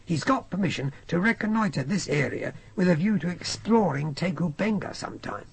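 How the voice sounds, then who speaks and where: A man voicing a young ship's doctor with a soft Scottish accent, talking fast in amazed disbelief. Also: a little high, gravelly, breathy edge, full character voice. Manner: quick, amazed, laughing disbelief. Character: young male doctor, soft-spoken and incredulous.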